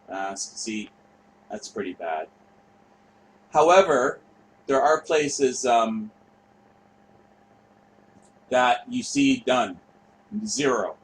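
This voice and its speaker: A man's voice: on the low side, a little hiss or hum, poor audio. A man hosting a show, talking casually and off the cuff over footage. He rambles, trails off, and swears freely. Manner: rambling, profane, offhand. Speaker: show host.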